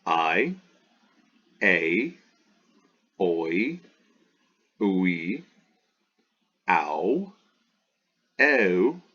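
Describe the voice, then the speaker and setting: A man's voice: deep voice, slightly rough. A man teaching a recorded lesson, explaining step by step and repeating sounds aloud. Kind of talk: recorded classroom lecture. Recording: dull lo-fi sound.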